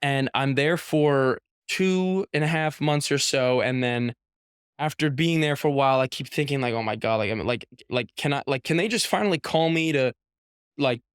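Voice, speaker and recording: A young man in his twenties, a guest on an interview show, telling a story in a casual, animated way with lots of "like" and acted-out quotes. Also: mid-range voice, normal speed, clean tone, no echo, studio quality. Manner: animated storyteller, heavy use of "like", acts out quotes. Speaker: professional baseball pitcher, guest.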